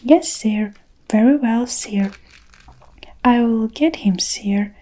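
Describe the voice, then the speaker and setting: A flustered middle-aged father comes through in a soft whispered role-play, voiced by a woman. The delivery is slow and warm. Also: fairly high pitch.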